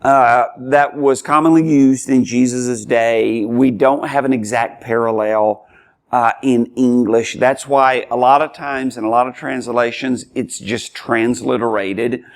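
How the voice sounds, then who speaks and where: A man's voice: medium pitch, fairly even intonation, unhurried. A man teaching a Bible study as a preacher, emphatic, speaking in short repeated phrases and lifting his voice as he reads scripture aloud. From Tennessee, US. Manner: emphatic, rises and falls sharply when reading scripture aloud. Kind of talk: sermon-style Bible teaching.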